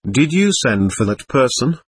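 A man voicing a calm, earnest young monk who speaks quietly and firmly. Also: mid-range voice, moderate pace, breathy edge, no echo. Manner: quiet, firm, sincere.

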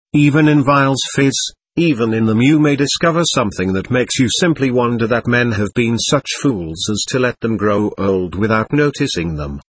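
A man's voice: medium pitch, fairly bright tone, breathy edge, dry recording, exaggerated voice. A man reading the part of a drunken, lecherous old man who rambles and needles his sons. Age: older.

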